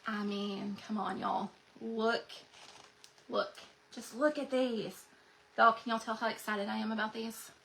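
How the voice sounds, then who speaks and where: Gushing woman crafter with a gravelly edge. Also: medium pitch, background noise. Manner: gushing, excitable, addresses viewers as y'all. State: recovering from being sick. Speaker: craft channel host. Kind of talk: livestream craft demo, chatting to viewers.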